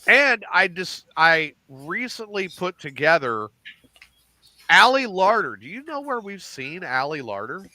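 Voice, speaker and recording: A middle-aged man hosting a casual podcast, animated and profane, acting out lines as he recaps TV shows. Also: high voice, a little slow, dry recording. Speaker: podcast host.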